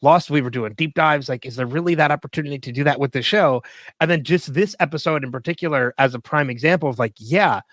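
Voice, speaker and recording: A man's voice: a little high, fast, fairly bright tone, dry recording. Rambling male podcast co-host, dry mic. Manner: rambling, filler-heavy, laughs often. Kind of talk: casual podcast discussion.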